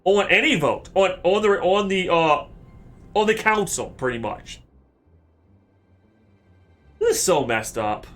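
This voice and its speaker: A man streams a game and reacts with heated, animated, cursing commentary. His bright voice swings widely in pitch. He talks at an unhurried pace. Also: soft background music. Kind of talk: let's play commentary.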